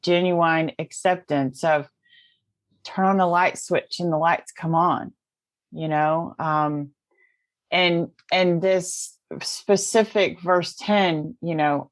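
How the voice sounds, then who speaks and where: Reflective woman, lowish voice. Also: fairly even intonation, slow pace. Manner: reflective, warm-humored, laughs easily. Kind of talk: casual podcast chat.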